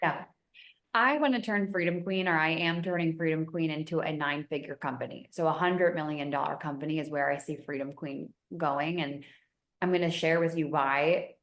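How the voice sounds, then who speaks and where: A young woman, a business founder and podcast guest, telling stories in a chatty, animated way with many fillers, her voice rising when she gets excited. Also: sits low, normal speed. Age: young adult. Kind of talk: casual interview storytelling. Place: home in Costa Rica. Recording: echoey room.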